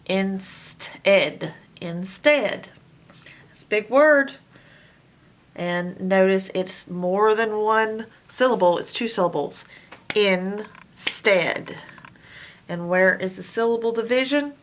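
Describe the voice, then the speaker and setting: A woman teaching a phonics lesson, slowly sounding out words and letters, with patient praise. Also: medium pitch.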